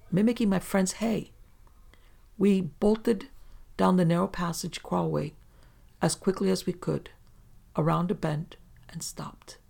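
A narrator calmly reading first-person encounter stories aloud in a steady storytelling delivery. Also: mid-range voice, vocal fry, slightly rough.

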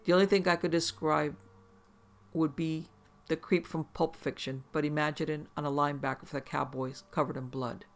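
Gravelly man narrating a horror story. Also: on the high side, flat delivery, normal speed, fairly bright tone. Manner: intense, profane and vivid.

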